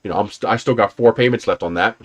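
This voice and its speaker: A man's voice: fairly low pitch, fast. A man casually rambling through personal stories on a livestream, laughing often and swearing now and then. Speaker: livestream host.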